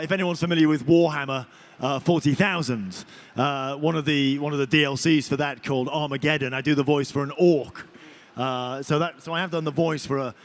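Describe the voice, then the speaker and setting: A male actor talking on a convention panel, an animated, chatty storyteller. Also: a little high. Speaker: voice and motion capture actor.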